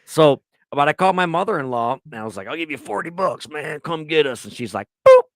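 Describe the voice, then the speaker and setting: A man's voice: a little high, expressive, brisk, no echo, clean studio sound. Profane rambling man in his thirties. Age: 30s. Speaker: podcast co-host. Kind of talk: casual chat.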